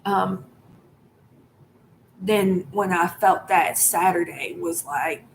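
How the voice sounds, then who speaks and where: A spiritual vlogger with a low voice speaks slowly in a rough recording with slight background noise. She talks frankly to viewers in a casual monologue, cursing often, laughing, and using lots of fillers like "like" and "right?".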